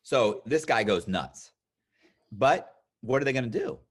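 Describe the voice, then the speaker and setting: Speaking a little slowly in a mid-range, slightly rough voice, this interview guest is a US man in his fifties. He spins a long tale in relaxed conversation, animatedly performing the quoted voices of the people involved.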